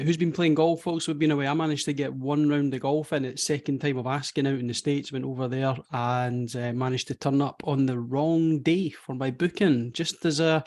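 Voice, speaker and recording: A man, hosting a casual golf podcast with dry, teasing banter. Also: mid-range voice. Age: 40s. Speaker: podcast host. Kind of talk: casual chat.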